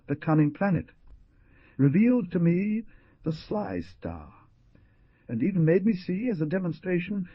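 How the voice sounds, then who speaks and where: A man's voice: medium pitch, breathy edge, dry recording, pitched above the performer's own voice. A man voicing a tortured young male prisoner who rants with feverish sarcasm, in a storybook reading. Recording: dull lo-fi dry recording.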